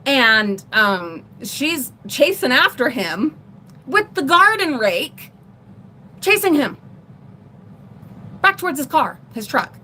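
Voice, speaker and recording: Middle-aged woman host, rambling storyteller, higher voice, unhurried delivery. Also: a little hiss or hum. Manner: rambling, animated retelling with laughs. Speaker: vlogger. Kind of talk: casual livestream storytelling.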